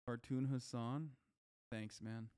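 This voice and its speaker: A man's voice: medium pitch, fairly even intonation, slow pace, a little mellow. A man streaming live, reading chat and talking loosely and profanely with lots of fillers. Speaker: streamer host. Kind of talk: casual livestream chat, reading chat messages.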